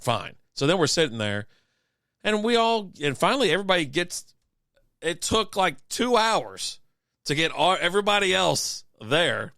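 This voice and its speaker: Smooth-voiced man telling rambling stories. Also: a little high, sharp tone, dry recording, clean studio sound. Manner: rambling storyteller, profane, laughs often. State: sick with a cough. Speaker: podcast co-host. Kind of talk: casual beer-and-sports chat.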